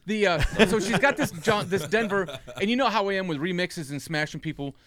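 A man's voice: sits high, a little fast, a crowd in the background. A man in his thirties telling a long comic story in casual chat, acting out what people said. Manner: animated storytelling, acting out quotes. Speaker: storyteller on a comedy podcast.

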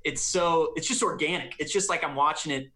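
Cohost guy, bright kinda high voice, says like a lot, eager. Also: fairly quick. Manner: enthusiastic, filler-heavy "like". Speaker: podcast co-host. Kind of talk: casual chat.

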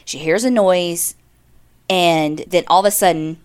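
A woman with a lowish, clean-toned voice co-hosts a podcast, unhurriedly recounting a true-crime story. She's chatty, says "like" constantly, and acts out quotes.

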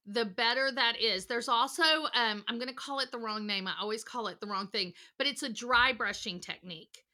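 A woman's voice: on the high side, a little fast. A middle-aged woman counselor giving a podcast interview, talking with energy and acting out little voices as she tells stories. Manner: energetic, animated storytelling with acted voices. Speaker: counselor and guest.

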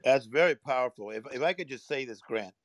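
A man's voice: mid-range voice, animated, a little fast, no room sound, studio quality. Enthusiastic, praising man. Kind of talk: casual chat in an online audio room.

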